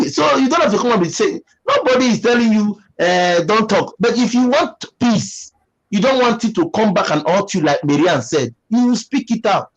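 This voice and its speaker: A man's voice: high voice, lively intonation, normal speed, dull audio. A man with a Nigerian English accent hosting a casual livestream, reading out comments and giving emphatic, repetitive advice. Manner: preachy, emphatic, repeats himself. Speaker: livestream host.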